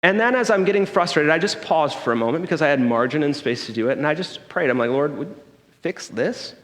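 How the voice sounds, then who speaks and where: A man preaches in a conversational way, telling a story and checking in with the congregation as he goes. His voice sits a little high for a man, and it rings out with a long church-hall reverb. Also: animated, fast, fairly bright tone. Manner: conversational, checks in with the room by asking "okay?". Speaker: pastor. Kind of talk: sermon with personal story. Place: church sanctuary.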